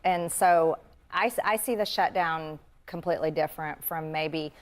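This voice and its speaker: A woman's voice: sits low, normal speed. A woman with an American Southern accent answering as a congresswoman in a news interview, firm and practiced in her talking points.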